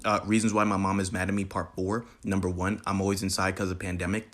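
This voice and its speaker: Deep flat deadpan man. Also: fast talker, hardly any pauses. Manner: deadpan sarcastic. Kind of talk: sarcastic comedy list.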